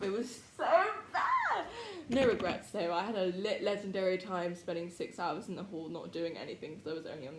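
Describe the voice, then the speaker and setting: A woman's voice: lowish voice, a little mellow, slight background noise. A young British woman chatting casually while she cooks, rambling and giggling as she goes. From Britain. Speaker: vlogger. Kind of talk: casual cooking vlog chat. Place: home kitchen.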